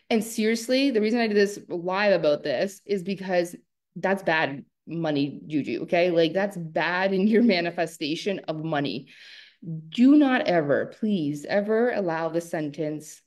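A woman coach leads a live online masterclass with lively, emphatic delivery and frequent laughter. Her voice sits a little low for a woman, and she speaks straight to her audience. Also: moderate pace. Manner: animated, emphatic, laughs often.

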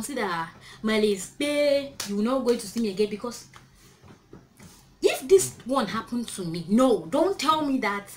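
A young woman with a Nigerian accent making a reaction vlog, exclaiming loudly and mixing in Nigerian Pidgin. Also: a little high, slight background noise. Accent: Nigerian English. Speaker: YouTuber. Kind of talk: reaction video rant.

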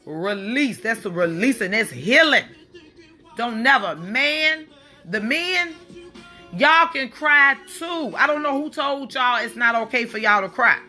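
A woman's voice: medium pitch, bright, forceful tone. Blunt, profane woman preaching to viewers. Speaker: spiritual wellness livestream host. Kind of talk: unscripted livestream monologue. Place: alone, indoors. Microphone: phone or webcam.

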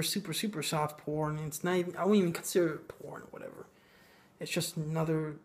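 A man giving a casual, ranting film review, blunt and sarcastic, with many pauses and fillers. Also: a little high.

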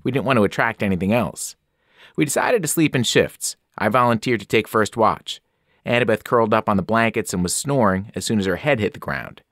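A man, a teacher, narrating a novel aloud in an expressive storytelling manner. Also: fairly low pitch, fairly quick, no echo, studio quality. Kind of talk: audiobook narration.

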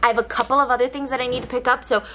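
A woman's voice: fairly high pitch, level tone, racing, bright, forceful tone, a little hiss or hum. Chatty, giggly young woman vlogger. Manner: chatty, giggly, self-mocking. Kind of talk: casual vlog chat with sponsor read.

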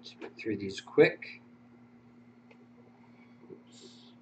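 A man's voice: extremely slow, fairly bright tone. Man rattling off hockey card pulls. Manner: rattles off card names and numbers, chuckling between. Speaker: card break host. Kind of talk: live-streamed card opening. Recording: muffled stream audio with faint hum.

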